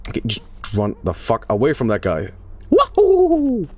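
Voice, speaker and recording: A man from Sweden streaming a horror game, commenting casually, swearing and yelling at what happens on screen. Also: on the low side, fairly quick. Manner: excitable, profane, yells and laughs at the game. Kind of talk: live gameplay commentary.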